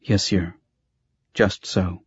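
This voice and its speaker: A timid young apprentice answers with polite hesitation in a low, husky tone, as the male narrator speaks his lines. The reading has a dry, slightly dull sound. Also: flat delivery, very slow, no echo, exaggerated voice. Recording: dry, slightly muffled recording.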